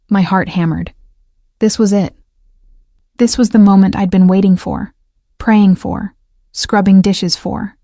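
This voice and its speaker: A woman narrating a first-person romance story in a measured, scripted way. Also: medium pitch, fairly even intonation, warm tone, no room sound, studio quality.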